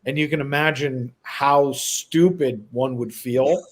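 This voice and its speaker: Animated middle-aged male storyteller. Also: medium pitch, slow pace, slight background noise. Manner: animated storyteller, acts out dialogue. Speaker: host. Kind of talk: live stream storytelling.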